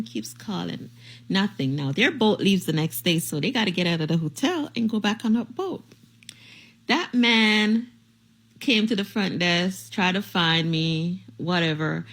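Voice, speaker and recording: Animated woman telling a storytime. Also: lowish voice. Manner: animated, playful, acts out quoted voices. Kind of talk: casual storytime to camera.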